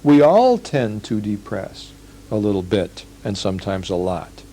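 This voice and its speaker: A man's voice: lowish voice, sing-song, measured pace, dark tone, a little hiss or hum, low-quality recording. An older man giving a live lecture, telling stories and acting out the quoted lines. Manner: storytelling, acts out quoted lines. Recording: old 1980s lecture tape.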